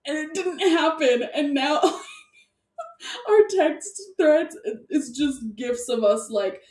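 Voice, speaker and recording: A woman chatting casually as a podcast co-host, rambling and excitable, laughing often and stacking fillers. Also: sits high, takes it slowly. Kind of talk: casual chat. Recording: echoey room, distant mic.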